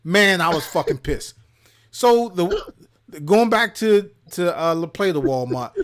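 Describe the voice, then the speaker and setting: A man from Maryland, co-hosting a gaming show, telling a profane story in casual chat and shouting out the lines he quotes. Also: high voice, lively intonation, unhurried. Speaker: podcast co-host.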